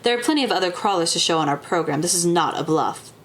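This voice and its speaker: A woman's voice: fairly low pitch, expressive, quick pace, a bit bright. A woman voicing a cold, formal administrator who issues clipped warnings. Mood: stern. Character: cold official administrator, stern and curt.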